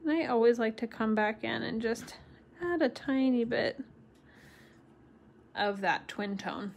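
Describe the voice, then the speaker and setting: A woman leads a live-streamed watercolor tutorial at a slow, unhurried pace. Her voice sits a little high, and her delivery is chatty and encouraging as she talks viewers through each step. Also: gravelly, slight background noise. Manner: chatty and encouraging, reads viewer comments aloud and laughs often. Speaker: watercolor stamping instructor.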